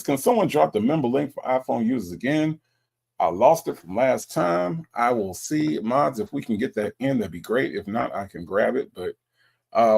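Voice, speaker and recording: Gravelly-voiced man reading live chat. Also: medium pitch, a little mellow. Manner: playful, teasing, greets viewers by name. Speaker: livestream host. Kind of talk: casual livestream chat reading.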